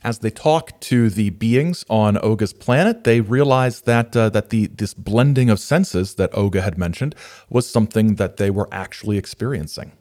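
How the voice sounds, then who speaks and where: A man's voice: fairly low pitch, normal speed. A man hosting a podcast, talking casually with many fillers and reading a rhyming children's storybook aloud. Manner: hesitant, many fillers, lively when reading verse aloud. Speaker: podcast host.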